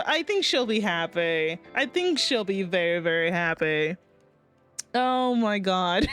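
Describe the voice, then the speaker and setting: A woman's voice: mid-range voice, slow pace, faint music behind. A woman streamer chatting casually while reading a game story, rambling with fillers and cursing. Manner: rambling, many fillers, swearing, excited outbursts. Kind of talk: casual live-stream commentary.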